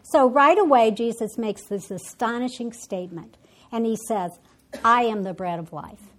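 Higher-voiced woman teaching a Bible study. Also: moderate pace. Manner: thinks aloud with frequent restarts and self-corrections; paraphrases and quotes scripture in a teaching tone.

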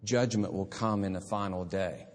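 Male pastor, expository sermon, husky voice, reverberant hall. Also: deep voice, steady tone, moderate pace. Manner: teaching, repeats and restarts words.

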